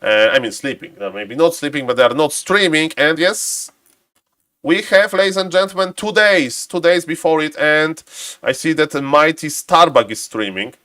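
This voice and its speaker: A man live-streams a strategy game match with commentary, chatty and excitable, greeting viewers by name and breaking into sudden high shouts. He talks at a normal speed.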